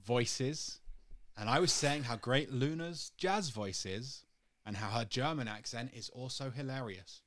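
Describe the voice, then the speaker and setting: A man's voice: mid-range voice, measured pace, a bit bright, slight background noise. A man co-hosting a casual chat, teasing and mock-outraged, laughing often as he banters.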